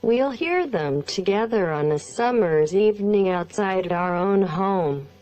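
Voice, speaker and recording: A text-to-speech woman's voice reading the lines of an affectionate, teasing young husband, slow and even. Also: high-pitched, faint music behind, rough recording. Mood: fond. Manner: teasing, fond.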